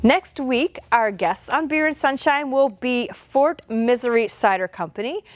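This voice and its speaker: A woman's voice: high voice, expressive, a little slow. A woman hosting a show, reading announcements in an upbeat announcer manner. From Canada. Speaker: show host.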